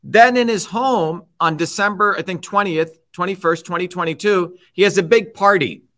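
Man, angry political commentary, high voice, bright tense tone, combative. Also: moderate pace. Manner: angry, combative, repeats points with "okay?". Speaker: host.

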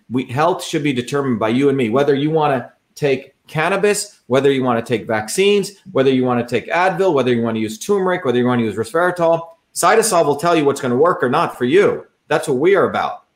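A man's voice: mid-range voice, expressive, fairly quick, few pauses. A man who is a political candidate, giving a combative, repetitive campaign talk over a livestream.

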